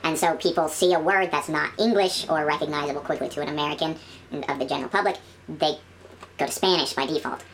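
A woman chatting casually in a studio, telling animated stories and trailing off into quiet mumbled asides. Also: deep voice, fast talker, a little hiss or hum. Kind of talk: casual chat.

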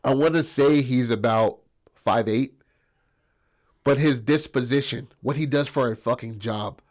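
A man's voice: medium pitch, a little slow, darkish tone. A man improvising a crude comic story, rambling and profane, checking in with "bro" and "right?".

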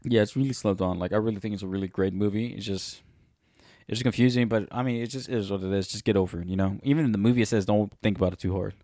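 Lower-pitched man in casual podcast chat. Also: quick pace, mellow, dry recording, studio quality. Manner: loose, rambling, swears often. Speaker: podcast co-host.

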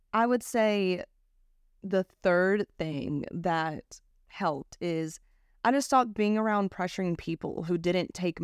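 A woman's voice: lowish voice, dry recording, clean studio sound. A young woman hosting a podcast, giving candid advice in a casual chat, swearing freely and using lots of fillers. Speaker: podcast host.

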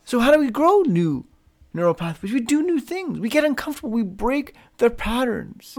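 A man delivers a solo motivational podcast in a loose, conversational way. He is blunt and salty, tossing out swear words and rhetorical questions, and his voice climbs whenever he turns upbeat. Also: creaky. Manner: lively, pitch rises when upbeat. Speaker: podcast host.

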